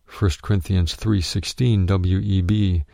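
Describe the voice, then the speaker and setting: A man narrating a written Bible teaching, reading it out in a measured way and calling out verse references. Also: low-pitched, fairly even intonation, vocal fry, mellow, no echo, studio quality.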